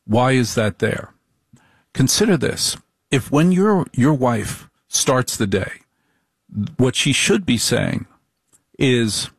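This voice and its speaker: A man's voice: mid-range voice, lively intonation, gravelly, slightly rough, no room sound. Wry middle-aged man, dry sound. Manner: deliberate, repetitive, wry. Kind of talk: comic monologue.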